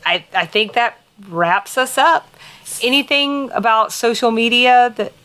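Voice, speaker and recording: A woman with a light Southern American accent, co-hosting a podcast in casual, rambling chat with quick laughs and playful teasing. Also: on the high side, noisy background. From Southern United States. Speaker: podcast co-host.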